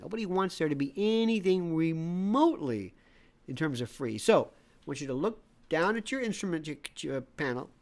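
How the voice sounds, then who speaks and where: A man's voice: on the high side, expressive, normal speed, a little mellow. A man delivering a sarcastic, theatrical political commentary rant, rattling off long lists of names.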